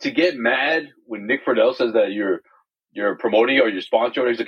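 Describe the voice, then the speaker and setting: Male podcast co-host, husky, lo-fi audio, animated casual chatter. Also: mid-range voice, brisk. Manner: animated, repeats words, mimics others. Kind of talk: casual chat.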